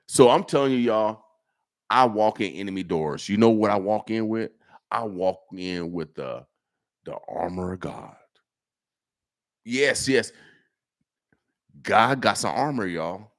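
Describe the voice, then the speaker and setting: Lively, preachy radio host man. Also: fairly low pitch, a little slow, pauses often. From Nebraska, USA. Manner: animated, repetitive, preacher-like exhortations. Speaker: radio morning show host. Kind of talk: casual radio talk. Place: radio studio.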